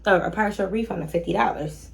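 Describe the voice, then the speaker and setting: A young woman hosting a casual storytime vlog about her rental guests, talking in a sassy, animated way with slangy asides to the viewer. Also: medium pitch, fast, vocal fry, a little hiss or hum. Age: young adult. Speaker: short-term rental host.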